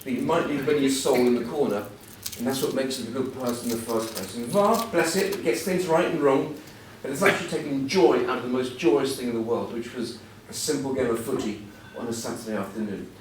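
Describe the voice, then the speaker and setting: A man's voice: mid-range voice, a little fast, few pauses, distant mic, a little hiss or hum. Anecdotal man speaking in an echoey hall. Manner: anecdotal, self-deprecating, chatty storytelling. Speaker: guest speaker. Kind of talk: after-dinner style motivational talk. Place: large event hall before an audience. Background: audience laughter.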